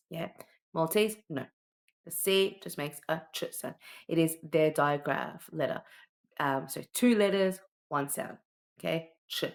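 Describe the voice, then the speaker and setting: A woman with a low voice gives a slow alphabet lesson for young children. She sounds out each letter patiently, repeats it, and keeps asking "okay?" so the kids can follow along. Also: gravelly. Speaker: teacher.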